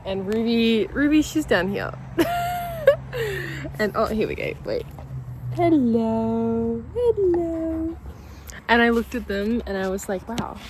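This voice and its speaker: Mid-range and animated, this woman speaks at normal speed with long pauses against a noisy background. A vlogger at home at breakfast with her dogs, she chats casually and candidly, swearing freely while laughing through near-tears, overwhelmed with emotion.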